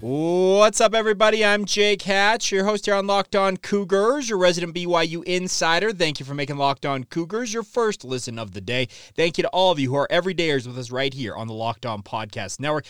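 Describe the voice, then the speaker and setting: A man's voice: sits high, brisk, few pauses, a bit bright, clean tone, no echo. A man hosting a sports talk podcast, delivering an emphatic, opinionated monologue into a close microphone. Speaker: podcast host.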